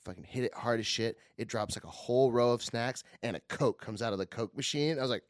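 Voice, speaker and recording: Animated, foul-mouthed male storyteller. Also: medium pitch, quick pace, dry recording, clean studio sound. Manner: animated, profane storyteller who laughs often. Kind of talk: casual chat, storytelling.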